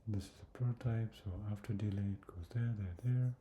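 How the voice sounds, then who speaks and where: A little fast and dark in tone, this man's low-side voice carries slight background noise and the echo of the room. Narrating an on-screen design walkthrough, he thinks aloud hesitantly, restarting and using fillers, often muttering or whispering.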